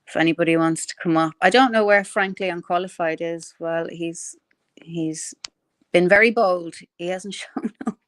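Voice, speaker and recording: A woman's voice: fairly low pitch, steady tone, moderate pace, fairly bright tone, dry recording, clean studio sound. A woman hosting a casual livestream, chatting bluntly with viewers and thinking aloud in a rambling, opinionated way. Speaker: livestream host. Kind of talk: casual livestream chat answering viewer comments.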